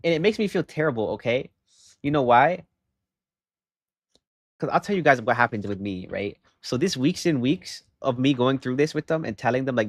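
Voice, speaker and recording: A young male streamer talks into a desk mic in emphatic, rambling casual chat, with plenty of "bro" and "okay?". His pitch sits in the middle range for a man. The sound is dry and close, with no room echo at all. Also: lively intonation, normal speed, long pauses. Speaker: livestreamer.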